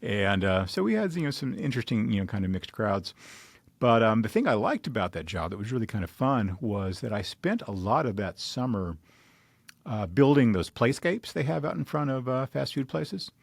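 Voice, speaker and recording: A man hosting a podcast, chatting easily and telling stories in a relaxed, conversational way. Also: medium pitch, moderate pace, creaky, dry recording. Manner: easygoing, conversational storytelling. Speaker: podcast host. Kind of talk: casual conversation.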